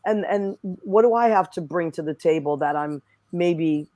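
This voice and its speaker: A woman's voice: lowish voice, normal speed, dark tone, no room sound. A woman hosting a podcast over a video call, effusive and chatty. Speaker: podcast host. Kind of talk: casual chat.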